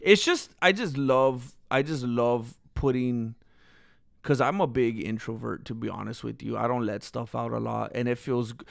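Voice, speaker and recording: A channel host with a creaky, medium-pitched voice chats casually on a livestream at normal speed, rambling and poking fun at himself. He uses many fillers and restarts, hiccuping and burping along the way, in clean studio sound with no room echo.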